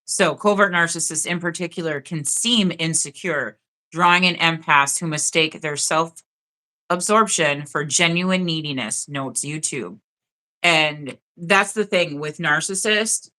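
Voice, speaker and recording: A woman's voice: low-pitched, unhurried, sharp tone. A woman hosting a live stream, reading notes aloud in a chatty way and often checking in with "okay?". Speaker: host of a live spiritual stream.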